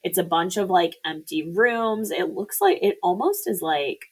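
A woman with a notably low voice for a woman, talking casually on a podcast. She walks through a film's plot in a loose, chatty way, full of "like" and small laughs. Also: animated, normal speed, darkish tone, breathy edge, poor audio. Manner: chatty, laughing, lots of "like" fillers. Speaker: podcast co-host. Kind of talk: casual movie recap chat.

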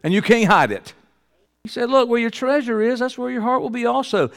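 A male pastor, preaching a sermon and swinging between loud high exclamations and low, quiet asides. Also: animated, brisk, creaky, long reverb tail.

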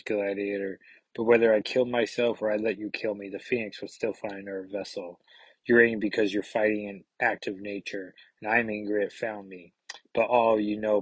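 A man's voice: on the low side, husky, dry recording, poor audio. A man reading aloud the lines of a defiant young psychic woman on trial from a comic. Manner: plain read-aloud delivery.

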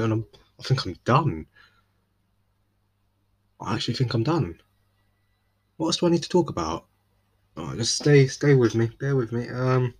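A man's voice: medium pitch, breathy edge. A young man with an East London accent hosting a solo podcast, rambling casually with slang and frequent restarts. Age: young adult. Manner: rambling, self-interrupting, laid-back slang. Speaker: podcast host.

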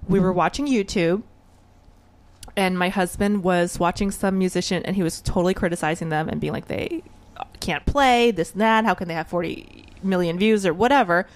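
A woman hosting a podcast interview, chatty and quick to laugh. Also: on the low side. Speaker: podcast host. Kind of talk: casual interview chat.

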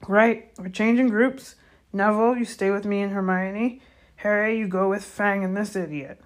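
A woman voicing a gruff, big-hearted giant gamekeeper in a storybook reading, blustery and grumbling. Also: mid-range voice, steady tone, moderate pace, close to an everyday voice. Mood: urgent.

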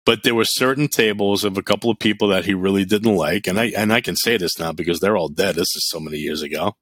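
Low-voiced and quick, a middle-aged man co-hosting a podcast tells energetic stories in casual conversation. His style is animated, blunt and full of profanity.

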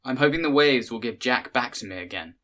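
A man's voice: mid-range voice, lively intonation, a little fast, bright, forceful tone, voice pushed up. A man voicing a young weaver's daughter who waits for her lost sweetheart, speaking in a wistful, earnest way.

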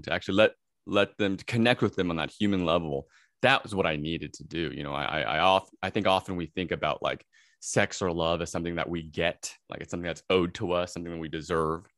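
A man's voice: sits low, no room sound, clean studio sound. A man being interviewed about his documentary, talking earnestly and reflectively and often repeating words as he thinks. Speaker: documentary filmmaker guest. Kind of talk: casual interview.

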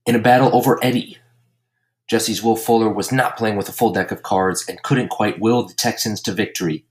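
Deep-voiced man roasting his league. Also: moderate pace. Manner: crude joking, deadpan roasting. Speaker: podcast host and league commissioner. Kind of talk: casual comedic podcast recap.

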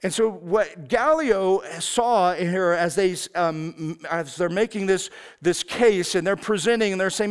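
A man preaching a sermon in a relaxed, conversational way, with fillers and restarts. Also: high voice, measured pace, clean tone. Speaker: pastor.

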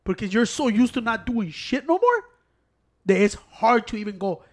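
Fast-talking high-voiced man. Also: very animated. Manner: blunt, profane, says güey constantly. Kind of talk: casual chat, mixing Spanish and English.

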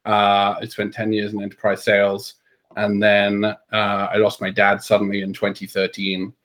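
Low-voiced British man, flat delivery. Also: normal speed. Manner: candid and open, self-deprecating. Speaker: nonprofit founder and interview guest. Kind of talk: casual interview.

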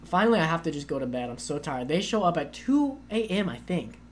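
A woman co-hosting a casual chat tells a long story packed with fillers, animatedly acting out quoted voices and saying "like" a lot. Her voice sits low and she talks briskly, with a little hiss or hum audible.

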